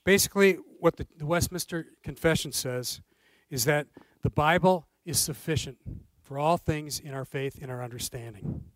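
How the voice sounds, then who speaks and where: Male interview guest, slightly high voice, measured and explanatory, dry close sound. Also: dry recording, low-quality recording. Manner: measured and explanatory, checks in with "okay?". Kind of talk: conversational interview answers.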